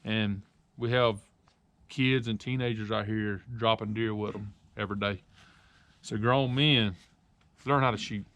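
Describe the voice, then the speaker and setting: A man's voice: on the low side, fairly even intonation, measured pace, pauses often, fairly bright tone. A man hosting a casual interview, chatty and joking, with sarcastic asides. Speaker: outdoors show host.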